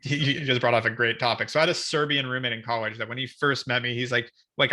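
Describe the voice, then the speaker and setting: A man's voice: medium pitch, fairly even intonation, quick pace, hardly any pauses, sharp tone. A man hosting a podcast, chatting casually and telling joking stories to his guest. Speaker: podcast host. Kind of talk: casual interview chat.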